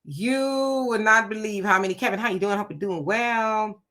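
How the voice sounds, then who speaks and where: Sex: woman. Role: livestream host. Style: casual chat, reading viewer comments. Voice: bright, forward. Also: medium pitch, normal speed. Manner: chatty, conversational, greets viewers by name.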